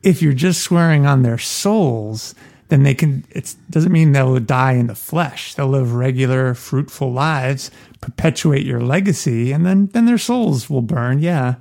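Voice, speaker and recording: A man's voice: mid-range voice, measured pace, creaky, darkish tone. A man co-hosting a podcast in casual, joking chat, musing aloud as he goes. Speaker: podcast co-host.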